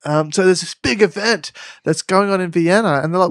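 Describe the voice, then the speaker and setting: An Australian man co-hosts a comedy podcast, spinning a story in a loose, playful ramble full of restarts. His voice sits on the high side and the recording is dry and close. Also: a little fast, hardly any pauses, no echo. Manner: rambling, playful, self-correcting. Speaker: podcast co-host.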